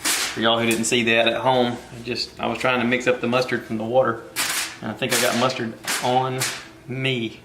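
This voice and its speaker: A man's voice: medium pitch, little pitch movement, moderate pace, echoey room, background noise. A man hosting a casual cooking video from his home kitchen, rambling and joking at his own expense. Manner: rambling, jokey, self-deprecating.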